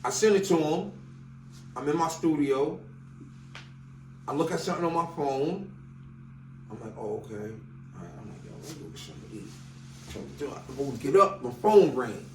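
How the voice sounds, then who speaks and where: A man's voice: mid-range voice, animated, normal speed, long pauses, reverberant, recorded from a distance, slight background noise, low-quality recording. A man from Staten Island with a New York accent, telling loose, slangy stories as a rapper guest in an interview and acting out the dialogue. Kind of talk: casual interview storytelling.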